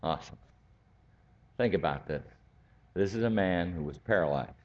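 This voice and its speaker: A man teaching a Bible study class, speaking slowly and deliberately and building to emphatic points. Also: deep voice, animated, a little mellow, slight background noise. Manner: slow, deliberate, rising to emphatic. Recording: dull lo-fi recording.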